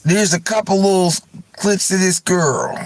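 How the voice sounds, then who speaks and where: A man with a high voice hosts a livestream, speaking unhurriedly as he tells his viewers gossipy stories in a casual chat. He curses freely and laughs often, keeping the storytelling animated. The recording is rough but has no echo.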